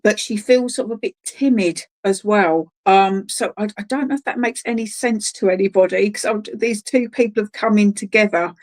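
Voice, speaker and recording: Brief: woman, medium at an online spiritualist service, mid-pitched, gentle, halting and searching, calls people darling. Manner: hesitant and searching, full of ums and restarts. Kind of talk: live clairvoyant readings at an online church service.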